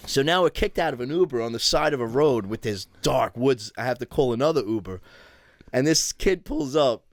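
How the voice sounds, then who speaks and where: A man's voice: medium pitch, normal speed, no echo. A man telling a long funny story as a podcast guest, acting out the other people's voices as he goes. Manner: animated, acts out voices in his stories. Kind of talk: casual storytelling.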